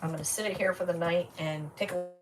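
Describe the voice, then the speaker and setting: A woman's voice: lowish voice, fairly even intonation, quick pace, recorded from a distance, music in the background. A woman chatting casually and thinking aloud while she works on a craft project on a livestream. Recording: voice set back from the mic, faint noise.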